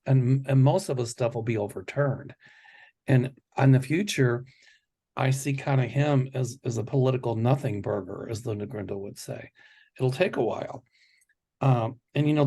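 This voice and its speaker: A man's voice: medium pitch, warm tone. A man hosting a psychic predictions show, talking in a rambling, confident, casual way. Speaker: psychic host.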